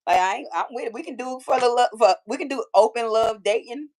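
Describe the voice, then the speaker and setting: This livestream host, a woman in her forties with a Detroit accent, has a slightly high, somewhat mellow voice and talks fast. She casually chats with viewers, reads their comments, and keeps up a stream of playful trash talk.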